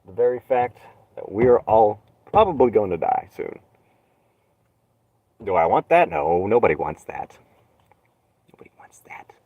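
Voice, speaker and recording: A young man rambling on a solo live stream from his van, sarcastic and swearing, with dark jokes. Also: on the low side, big pitch swings, a little slow, pauses often, no echo, narrow, tinny audio. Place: inside a van. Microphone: phone.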